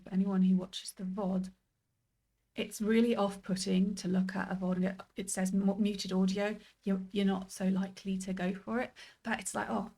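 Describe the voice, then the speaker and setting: A woman's voice: medium pitch, darkish tone. A woman streaming a game, chatting casually in a rambling, self-deprecating way. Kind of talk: casual gameplay commentary.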